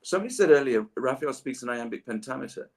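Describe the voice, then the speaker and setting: An English voice actor keeps up playful banter while signing autographs on a livestream setup. His medium-pitched, gravelly voice moves quickly and animatedly, with a theatrical, explanatory flair.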